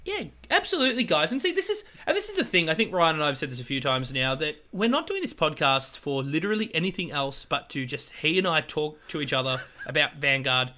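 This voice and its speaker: A man chats on his podcast in a bright, high voice that swings up and down a lot. He jokes around and throws in quick asides. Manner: animated, jokey, quick asides. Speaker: podcast co-host. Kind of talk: casual chat.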